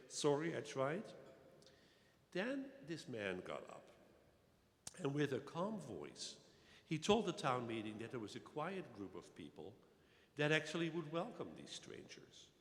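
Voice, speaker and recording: Deacon preaching in a reverberant cathedral. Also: male voice, medium pitch, a bit bright. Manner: measured, pausing with fillers, rising emphasis on key phrases. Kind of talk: sermon.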